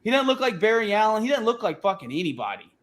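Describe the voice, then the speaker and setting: High-voiced man ranting profanely. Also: fast. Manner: opinionated, profane, animated banter. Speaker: podcast co-host. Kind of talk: casual chat.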